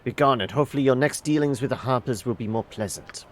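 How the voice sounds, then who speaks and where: Sex: man reading as a stern male agent. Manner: formal, halting. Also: mid-range voice, close to an everyday voice. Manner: stiff formal reading with frequent fillers.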